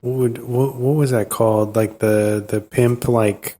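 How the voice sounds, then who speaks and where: A man guesting on a podcast, relaxed and chatty, answering briefly and laughing along while recalling film lines. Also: mid-range voice, unhurried. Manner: laid-back, short agreeing replies, laughs along. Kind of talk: casual film discussion.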